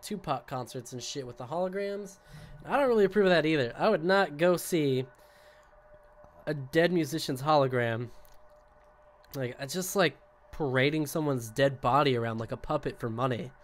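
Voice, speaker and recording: Young man, game streamer, casual rambling commentary, swears freely, slightly high for a guy, excitable bursts.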